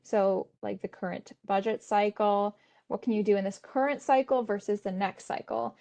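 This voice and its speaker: A woman presenting an instructional webinar, explaining steps in a steady tone with frequent "um" and "uh" fillers. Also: mid-range voice, moderate pace, vocal fry.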